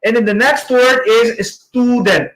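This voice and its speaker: Filipino man, high voice, slow deliberate pronunciation teacher, roomy echo. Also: a bit bright. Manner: slow, deliberate, models sounds for repetition. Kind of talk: pronunciation lesson, reading drills aloud. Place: online training session.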